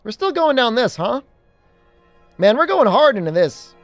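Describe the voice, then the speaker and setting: A man's voice: very high-pitched, very animated, moderate pace, no echo, soft background music. A man from New England chatting casually as a game streamer, rambling with lots of filler words and frequent chuckles. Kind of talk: casual chat while gaming.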